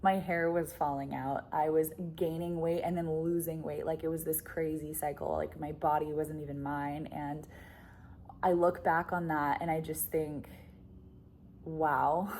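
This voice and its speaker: A woman's voice: deep voice, darkish tone, a little hiss or hum. A young woman talking candidly to camera as a relationship coach, chatty and blunt, full of "like" fillers, swearing and laughing often. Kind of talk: candid casual monologue to camera.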